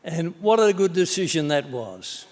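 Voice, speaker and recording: A man's voice: on the high side, sing-song, unhurried, a little hiss or hum. Older Australian man, blunt anecdotal tribute, long hall echo. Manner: blunt, anecdotal, plain-spoken. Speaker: former minister giving a tribute. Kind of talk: awards tribute speech. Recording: stage speech in a reverberant hall.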